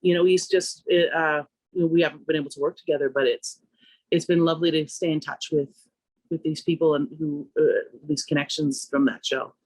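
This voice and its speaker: In a dry-sounding radio interview, a Canadian singer and vocal coach talks briskly about her craft as the guest, staying conversational and reflective and going higher in pitch when she quotes herself.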